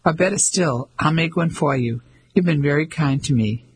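A man voicing a lively, warm middle-aged woman who speaks briskly and cheerfully. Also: fairly high pitch, slight background noise, close to an everyday voice, rough recording.

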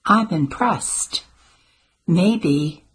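A woman voicing a clever, earnest young woman in an audiobook, speaking briskly and a little bossily, higher than her own voice. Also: animated, slightly rough, full character voice. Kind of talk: audiobook character voice.

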